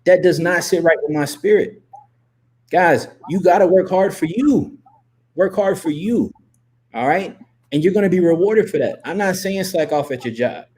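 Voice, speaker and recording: A man with a fairly high voice, coaching his audience in an emphatic, repetitive pep talk. He keeps circling back to the same points and pushes the listener to stop making excuses. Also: moderate pace. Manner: emphatic, repetitive, gives shout-outs. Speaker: host and coach. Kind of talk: motivational livestream talk.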